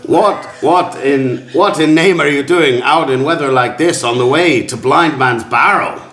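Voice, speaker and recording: A man's voice: on the high side, a little slow, a bit bright, a little hiss or hum, pitched above the performer's own voice. A man voicing a chatty, jokey carriage driver and former adventurer, in a wobbly put-on accent. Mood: cheery, warning. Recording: roomy sound with faint music.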